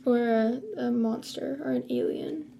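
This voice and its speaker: A young woman chats casually to camera in a loose, rambling way, full of filler words. Her voice sits a little high, with a mellow tone and gravelly fry at the ends of phrases. Faint noise hums behind her. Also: steady tone, a little slow. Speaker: vlogger.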